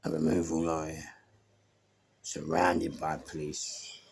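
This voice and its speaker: Gravelly-voiced London man telling stories. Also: extremely low pitch, takes it slowly. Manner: lively, slangy storytelling that acts out quotes. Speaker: storyteller. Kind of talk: casual spoken anecdote.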